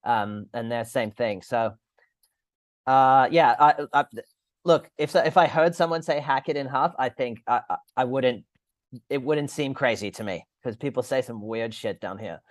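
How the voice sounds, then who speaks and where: A man's voice: medium pitch, unhurried, dry recording, studio quality. A man with an Australian accent, a podcast guest chatting casually over a call, rambling and swearing as he restarts his sentences.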